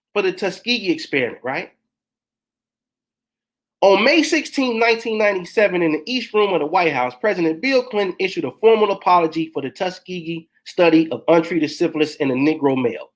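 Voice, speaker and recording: A fiery woman preacher whose pitch swings widely from line to line. She hammers her points home and keeps firing rhetorical questions at the crowd. Her talk has the loose, fervent push of a live teaching session. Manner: emphatic, full of rhetorical questions and call-outs. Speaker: minister. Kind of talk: impassioned spiritual teaching talk.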